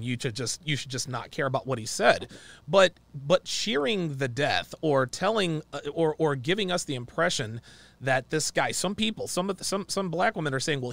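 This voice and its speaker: Animated gravelly man hosting a call-in. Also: fairly high pitch, no room sound. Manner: blunt, animated, repeats and restarts words. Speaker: host taking calls. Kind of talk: call-in show commentary.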